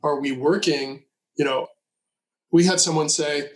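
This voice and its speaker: A man co-hosting a podcast, talking through his ideas in a measured, reflective way. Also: fairly high pitch, steady tone, rough recording. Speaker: podcast co-host. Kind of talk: conversational discussion.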